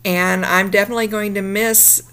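A woman, chatting upbeat in a casual travel vlog, her voice a little rough from the morning. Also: medium pitch, steady tone, moderate pace, bright, forceful tone. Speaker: vlogger.

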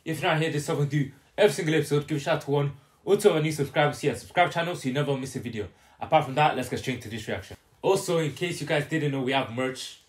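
A man's voice: on the high side, rapid-fire. A man co-hosting a casual group reaction chat, laid-back and insistent in his banter. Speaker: reaction channel co-host.

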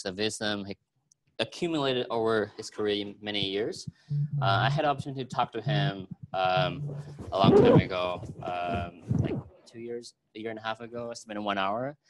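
Halting man introducing a speaker. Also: fairly low pitch, fairly bright tone, low-quality recording. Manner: halting, many fillers and restarts. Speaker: event host.

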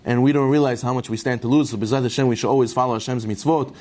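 A man giving a Torah class who tells a parable in an animated way and closes with Hebrew phrases. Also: mid-range voice, rapid-fire. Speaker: Torah teacher.

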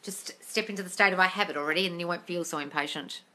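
On a phone livestream, a woman manifesting coach runs a casual Q&A, bluntly answering viewer comments, swearing freely and calling listeners darling. Her voice is on the low side, fast and sharp.

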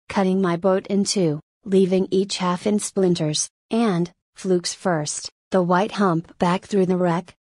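A woman's voice: lowish voice, darkish tone, no room sound. A woman voicing a one-armed English whaling captain who spins a long, rambling yarn with good humor.

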